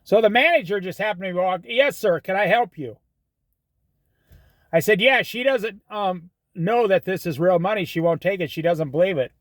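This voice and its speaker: Host, middle-aged man, high bouncy voice, folksy sermonizing monologue, dry close sound. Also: fairly quick, few pauses, no room sound. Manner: folksy, preachy advice with storytelling. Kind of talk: casual monologue.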